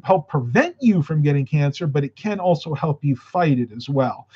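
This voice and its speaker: A tired, slightly winded man talks casually on a live stream. He rambles from one viewer comment to the next in an easygoing way. His voice sits a bit high, and the audio is dull and lo-fi. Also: darkish tone. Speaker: vlogger answering live chat. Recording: muffled lo-fi audio.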